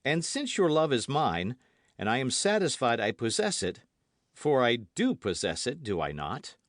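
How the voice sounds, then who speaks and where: Voicing an ardent, gallant young swordsman, the narrator pleads earnestly in a caressing tone, pitched higher than his own voice and full of lively inflection. The recording is close and dry with no room sound, and the pace is moderate.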